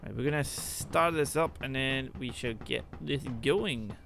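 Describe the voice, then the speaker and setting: A man's voice: medium pitch, measured pace, vocal fry, fairly bright tone, slight background noise. A young man casually commenting on his own gameplay, thinking aloud and exclaiming when things go wrong. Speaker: gaming video host.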